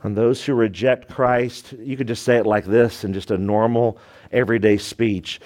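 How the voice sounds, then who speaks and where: Delivering a sermon at a moderate pace, a pastor with a lowish voice is emphatic throughout. He alternates loud and hushed delivery and poses rhetorical questions to his congregation.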